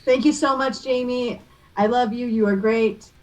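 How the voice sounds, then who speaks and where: A woman's voice: fairly high pitch, steady tone, normal speed, far from the mic, rough recording. A woman playing a tabletop role-playing game, playful and giggly, hamming up a put-on accent. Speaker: player.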